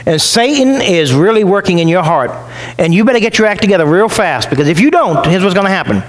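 A man's voice: high voice, animated, quick pace, rough recording. A male pastor preaching a sermon in a conversational way, acting out the voices of the people he quotes. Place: church.

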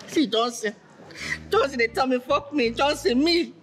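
A man's voice: very high-pitched, moderate pace, fairly bright tone. A man acting a flustered broke man who stammers and pleads over the phone in a comedy skit. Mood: pleading. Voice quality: stammering, repeats words.

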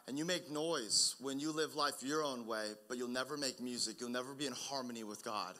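Bright-voiced young male pastor preaching. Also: mid-range voice. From Oregon, United States. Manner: conversational, builds to loud urgent emphasis. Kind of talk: sermon with personal stories.

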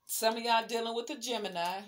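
Chatty higher-voiced woman reading tarot. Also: steady tone, brisk, slight background noise. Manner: chatty, emphatic, speaks straight to viewer. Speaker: tarot card reader.

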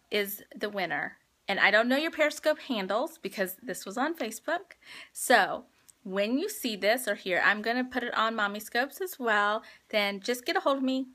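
A woman's voice: medium pitch, pushed and bright. A woman hosting a live phone stream, chatting heartfelt and rambling with viewers as she announces giveaway winners. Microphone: phone livestream.

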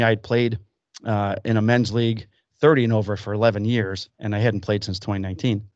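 A man's voice: fairly low pitch, steady tone, fast, a little mellow, dry recording, dull audio. Fifty-something man telling rambling stories. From Illinois. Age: 50s. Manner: rambling anecdotes with acted-out quotes. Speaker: podcast host. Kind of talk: casual storytelling chat. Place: home workshop basement.

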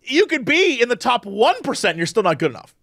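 Young male podcast co-host, high and very lively, dry close sound, opinionated casual chat. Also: quick pace, gravelly, dry recording. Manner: animated, opinionated ranting.

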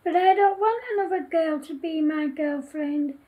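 A woman's voice: very high-pitched, moderate pace, phone-quality sound. A woman voicing a sulky, lovesick schoolboy who pleads and complains.

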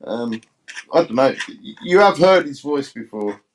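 A man's voice: mid-range voice, expressive, a little slow, a little hiss or hum. A man chatting casually as a livestream guest, rambling and hesitant with lots of fillers.

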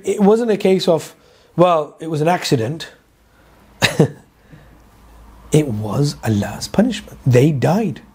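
Husky, animated man teaching a Quran lesson. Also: fairly high pitch. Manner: animated, mixes English with Urdu and Arabic recitation, many fillers. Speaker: Islamic teacher.

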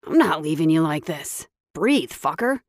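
A woman's voice: sits low, normal speed, dry recording, studio quality. A woman voicing a laid-back male friend who talks his buddy down with jokes. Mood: calming. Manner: calming, joking. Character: easygoing male best friend, teasing.

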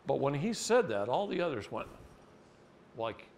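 A middle-aged man from Oregon giving a live seminar talk, telling stories in a folksy, animated way. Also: mid-range voice, moderate pace, vocal fry, a little hiss or hum. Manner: folksy, animated, mocking voices in anecdotes. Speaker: seminar speaker. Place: seminar room.

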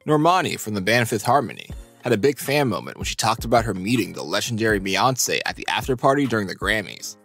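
Male narrator, deep-ish register, steady scripted read with soft music bed. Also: fast talker, hardly any pauses. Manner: even, steady read-out delivery.

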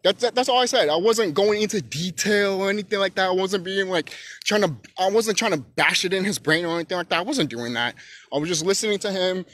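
A man ranting on his own channel in a loose, profane monologue. His voice keeps swinging into emphatic shouting. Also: high-pitched, fast. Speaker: YouTube channel host.

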